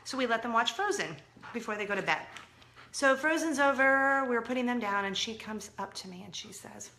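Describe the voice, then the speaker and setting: Woman, 30s, mom vlogger talking to camera, bright and forceful tone, chatty and dramatic. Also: a little high, fairly quick. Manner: chatty and expressive, swinging from loud to hushed. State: injured, in a leg cast. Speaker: parenting vlogger. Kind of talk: casual chat to camera.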